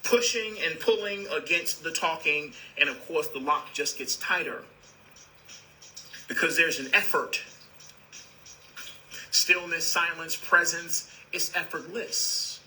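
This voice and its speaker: A man speaking as a spiritual teacher, calm and repetitive, who addresses his listeners as "beloved". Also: on the high side, takes it slowly, pauses often, a little hiss or hum, poor audio. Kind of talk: spiritual talk.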